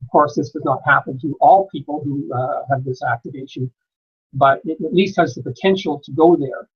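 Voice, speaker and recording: A man speaking at a conference, giving a measured lecture with frequent pauses and "uh" fillers. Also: fairly high pitch, slightly rough, muffled recording. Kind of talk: lecture presentation. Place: conference hall.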